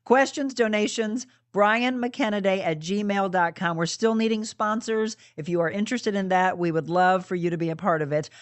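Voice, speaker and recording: A woman's voice: mid-range voice, dry recording. A woman hosting a live talk show, upbeat and chatty, reading out viewer comments and making plans. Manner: upbeat, fast-talking, lots of fillers.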